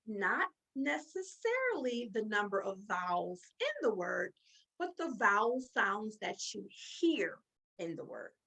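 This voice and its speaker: A woman's voice: mid-range voice, big pitch swings, gravelly, bright, forceful tone, poor audio. A woman teaching a children's phonics lesson, encouraging and drawing out words as she claps along. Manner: slow, sing-song and encouraging, drawing out words.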